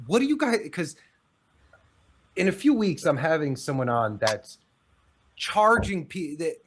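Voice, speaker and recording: Man, podcast host, lively swinging pitch, swearing, rambling. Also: a little slow, a little hiss or hum. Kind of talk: casual podcast interview.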